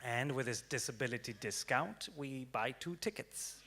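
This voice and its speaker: A young man giving a prepared storytelling talk on stage, dramatic and swinging from hushed to loud. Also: mid-range voice, moderate pace, background noise. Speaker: speaker. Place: stage before an audience.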